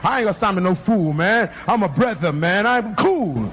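A man's voice: high voice, lively intonation, normal speed, very noisy. A man voicing a dismissive young man who thinks he is too cool to worship, speaking in slangy, laid-back, scoffing talk.

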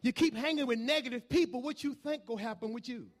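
High-pitched male preacher, call-and-response sermon, swings from low murmurs to shouting. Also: fast talker.

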